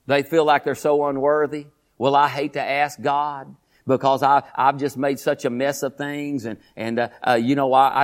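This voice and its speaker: Male pastor, high voice, folksy sermon delivery with emphatic climbs. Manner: folksy, animated, rises into emphatic bursts.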